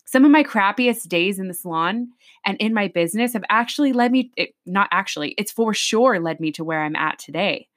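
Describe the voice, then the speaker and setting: A woman in young adulthood to middle age, talking casually on a podcast with a steady, middle-range voice. She tells her stories with lots of energy and acts out what each person said. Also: medium pitch, fairly quick. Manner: chatty, animated, acts out quoted voices. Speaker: podcast host and hairstylist. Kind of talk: casual storytelling chat.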